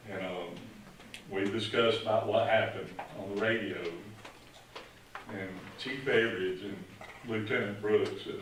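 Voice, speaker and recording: A man's voice: on the low side, a little hiss or hum. Folksy man in an echoey hall. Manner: folksy, rambling storyteller with many fillers. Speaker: retired police officer giving a retirement tribute. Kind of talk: storytelling speech at a retirement ceremony. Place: large room at a ceremony. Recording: echoey room, speaker far from mic.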